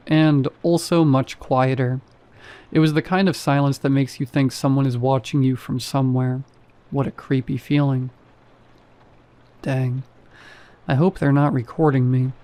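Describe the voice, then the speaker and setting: A man tells a first-person horror story in a mellow, darker tone. His telling is wry and skeptical, with dry asides between the eerie details. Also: medium pitch. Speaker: narrator.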